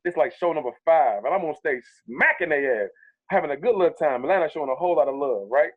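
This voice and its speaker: A man with a fairly high voice, telling stories in an animated, profane way and acting out the people in them. His voice comes through tinny and thin, like over a phone line. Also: fast talker. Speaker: comedian guest. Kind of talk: casual storytelling interview.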